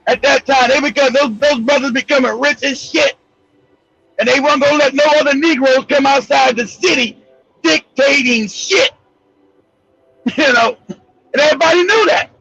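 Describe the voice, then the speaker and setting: Brash LA man hosting, gravelly, loud, swearing, laughing through his stories. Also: extremely high pitch, moderate pace, pauses often, muffled recording. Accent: Los Angeles. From Los Angeles. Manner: profane, animated, laughs often, loud outbursts. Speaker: show host. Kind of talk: storytelling monologue.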